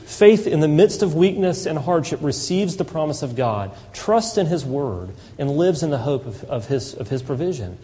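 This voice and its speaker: Pastor, male, mellow mid-high voice, impassioned sermon, long church reverb. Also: big pitch swings, normal speed, hardly any pauses. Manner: impassioned preaching, mimics complainers in whiny voice. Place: church sanctuary.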